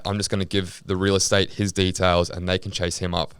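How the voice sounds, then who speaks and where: A man's voice: low-pitched, fairly even intonation, a little fast, few pauses, clear, resonant tone, dry recording, clean studio sound. A man co-hosting a podcast, telling a long story in casual chat, swearing freely and acting out the quoted exchanges. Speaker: podcast co-host.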